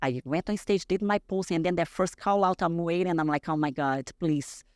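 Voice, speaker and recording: A woman's voice: on the low side, brisk, no room sound, clean studio sound. A woman in her thirties from Brazil, telling a story as a podcast guest and acting out the dialogue, full of fillers. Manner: animated, acts out dialogue, many fillers. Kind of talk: storytelling in casual conversation.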